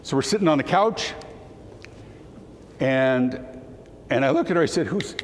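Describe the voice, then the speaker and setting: A man giving a storytelling keynote talk to an audience, animated and at times choked with emotion as he acts out the dialogue. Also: mid-range voice, measured pace. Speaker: keynote speaker. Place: conference hall. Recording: hall reverb, faint room noise.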